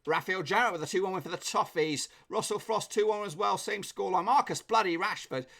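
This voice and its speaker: Chatty man with a slightly hoarse voice. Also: high-pitched, fairly quick, a bit bright. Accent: English. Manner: chatty, reads out viewer predictions. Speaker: football predictions streamer. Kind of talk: casual live-stream chat.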